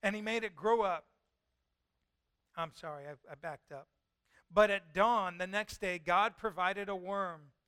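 A male pastor preaching a sermon and retelling a scripture story with lively storytelling. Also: sits high, measured pace, long pauses, smooth, dry recording. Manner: lively storytelling, voicing God and Jonah in quotes.

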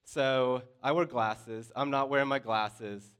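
A man telling a personal story to a class in a lively, conversational way, with lots of filler words. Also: mid-range voice, slow, clean tone.

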